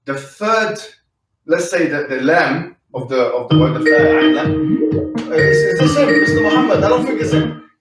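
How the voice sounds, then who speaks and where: A man's voice: a little high, very animated, normal speed, music in the background. A man hosting a live online debate, insistent and repeating his point. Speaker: debate host. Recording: echoey room, far from mic.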